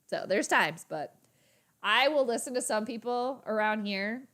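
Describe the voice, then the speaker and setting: A woman hosting a live football reaction stream, chatty and excitable, laughing often. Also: on the high side, a little slow. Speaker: sports channel host.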